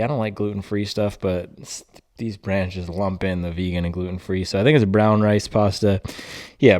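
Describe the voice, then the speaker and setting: A man's voice: fairly low pitch, a little mellow, dry recording, clean studio sound. A young man chatting casually in a vlog as a running shoe reviewer, playful and rambling with jokey slang.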